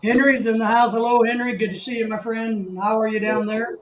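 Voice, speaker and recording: A man's voice: sits high, level tone, fairly quick, a bit bright. A man hosting a casual live stream, chatting and greeting viewers by name in a rambling way. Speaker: livestream host. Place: living in the Philippines. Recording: echoey room, faint background noise.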